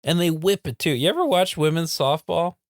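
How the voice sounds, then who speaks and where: A man's voice: fairly high pitch, lively intonation, brisk, no echo, studio quality. A man co-hosting a podcast in easygoing casual chat. He laughs often. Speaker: podcast co-host.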